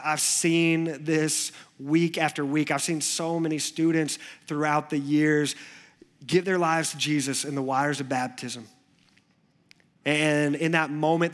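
A man preaching a sermon in church, conversational, moving between animated asides and hushed, earnest passages. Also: mid-range voice. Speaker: pastor.

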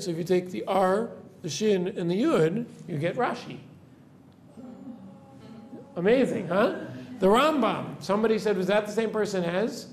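With a high-sitting voice and slight background noise behind him, a rabbi lectures a class. He walks through the material step by step, asks his students questions, and checks in with "right?" after almost every point.

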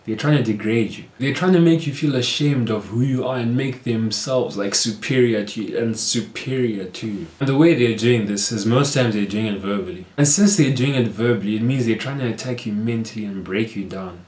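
A man's voice: mid-range voice, a little fast, hardly any pauses. Earnest man giving advice in an echoey room. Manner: earnest, steady, explanatory. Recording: roomy echo.

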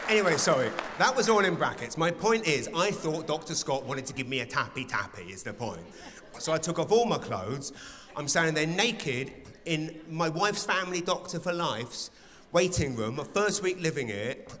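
A man in his forties performing live stand-up comedy in a large theatre, animated and building to loud exclamations. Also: on the high side, moderate pace, a faint crowd. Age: 40s. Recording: reverberant live theatre with audience.

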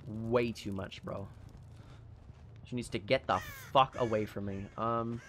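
A man's voice: lowish voice, fairly even intonation, measured pace, slight background noise. A young man streaming a game live, casually ranting and swearing, laughing at himself between rants. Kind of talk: casual live-stream chat while gaming.

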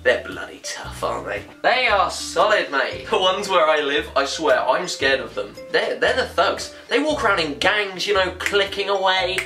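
A woman's voice: fairly low pitch, very animated, moderate pace, few pauses, pushed and bright. A young British woman ranting comically, exasperated and laughing often. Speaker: vlogger. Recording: roomy echo, distant mic, faint music.

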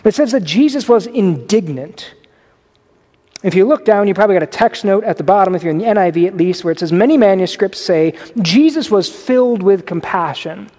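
A man preaching a sermon as pastor in a conversational way, with animated asides. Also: high-pitched, a little fast, in a large hall. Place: church sanctuary.

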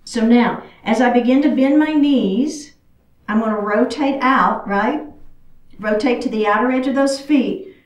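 A woman's voice: fairly high pitch, a little slow. Slightly breathless woman leading chair yoga. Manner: encouraging, chatty, talks while moving. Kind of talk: guided exercise class instruction. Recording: echoey room, far from the mic.

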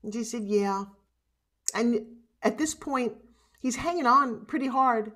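A woman's voice: fairly high pitch, slow pace, pauses often, fairly bright tone. A middle-aged woman giving a heartfelt motivational keynote speech, urging her audience and tearful at times. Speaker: motivational speaker. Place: conference stage.

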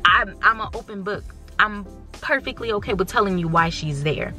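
A woman's voice: medium pitch, moderate pace, sharp tone, faint music behind. A woman in her thirties from the United States, talking candidly and emotionally to her viewers in a casual vlog. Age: 30s. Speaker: vlogger.

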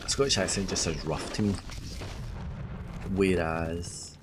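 A man with a very deep voice chats and jokes with his viewers while playing a strategy game. His casual commentary comes over a steady noisy background. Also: quick pace. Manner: joking and chatty, addressing chat. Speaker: streamer.

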